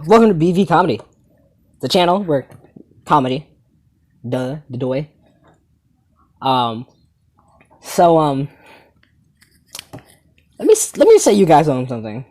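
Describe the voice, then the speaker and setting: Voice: medium pitch, a little slow, pauses often. Rambling teen comedy storyteller. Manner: rambling, animated, swears casually. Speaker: comedy channel host.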